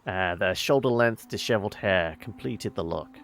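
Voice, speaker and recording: A man reading a visual novel aloud, halting, with many fillers and self-corrections. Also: on the low side, a bit bright, slight background noise. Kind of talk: reading game text aloud with asides.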